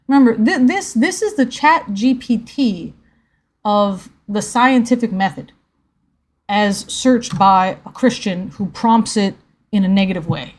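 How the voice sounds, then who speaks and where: A woman's voice: medium pitch, expressive, slow pace. A woman hosting a live reaction video, commenting on a comic with sarcastic, incredulous, rambling asides. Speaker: YouTube host.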